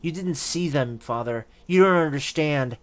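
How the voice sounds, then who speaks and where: A man's voice: on the high side, normal speed, pitched above the performer's own voice, close to an everyday voice. A man voicing a traumatized young daughter. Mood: angry. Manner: shaky, accusing outbursts. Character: frightened, furious young woman, traumatized daughter.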